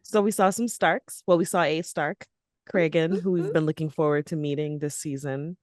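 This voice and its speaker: A young woman co-hosting a podcast, relaxed and moving the chat from scene to scene. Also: low voice, moderate pace, no echo. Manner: relaxed, steers the talk to the next scene. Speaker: podcast co-host. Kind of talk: casual chat.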